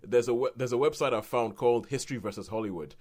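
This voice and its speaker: A British man co-hosting a podcast, reviewing films in a rambling, animated way with restarts and laughs. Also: medium pitch, quick pace. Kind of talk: casual film review chat.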